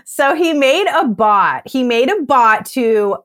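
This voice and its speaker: A woman's voice: sits high, animated, takes it slowly, fairly bright tone, no room sound, studio quality. A young adult woman telling her own story on a podcast, emotional and full of "like", acting out her past thoughts.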